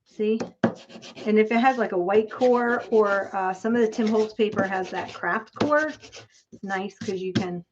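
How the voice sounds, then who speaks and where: A woman's voice: mid-range voice, a little slow. A woman hosting a casual craft-along livestream, chatting with viewers and thinking aloud as she measures and cuts. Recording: dull, lo-fi home stream with clear background noise.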